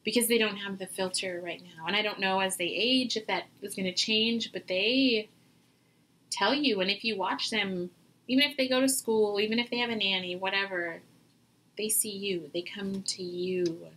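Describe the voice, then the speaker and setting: A woman and mother talking as a guest in a casual interview, animated and quick to act out what people say. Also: medium pitch, rough recording. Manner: animated, acts out quoted voices. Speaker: podcast guest.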